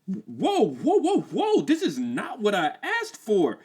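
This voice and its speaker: A man putting on a panicky young man's voice, high and frantic, yelping as he reads a scene. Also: huge pitch swings, takes it slowly, a little mellow, husky, heavily acted.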